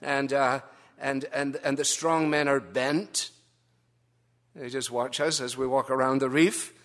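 Wry older preacher. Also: male voice, mid-range voice, steady tone, a little slow. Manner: wry, storytelling, gently humorous. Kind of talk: sermon.

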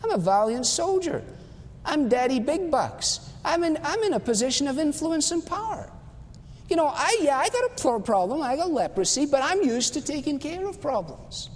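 A man's voice: very high-pitched, sing-song, normal speed, a little hiss or hum, voice pushed up. A male preacher voicing a proud, enraged army commander who boasts of his rank, in an indignant, mocking way. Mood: indignant boasting. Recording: long hall reverb.

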